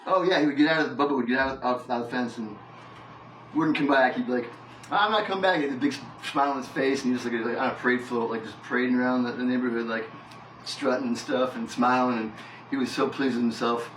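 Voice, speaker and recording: A man's voice: mid-range voice, steady tone, quick pace, a bit bright, roomy sound, recorded from a distance, slight background noise, rough recording. A man vlogging in a loose, rambling monologue, full of fillers and laughs. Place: house with the door open.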